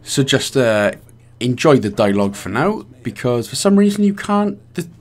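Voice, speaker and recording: A man's voice: mid-range voice, very animated, normal speed. A man with a Welsh accent giving chatty, rambling, self-mocking walkthrough commentary as a gaming guide host.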